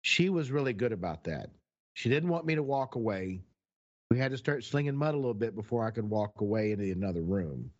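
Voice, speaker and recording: A man's voice: fairly low pitch, animated, a little fast. A middle-aged man in casual chat, telling wry, candid stories about past relationships. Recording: dull lo-fi recording.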